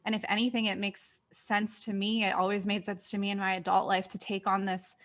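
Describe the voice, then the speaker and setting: Woman co-host, reflective, thinks out loud, chatty filler-heavy delivery, mid-range pitch. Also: little pitch movement, a little fast. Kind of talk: casual conversation.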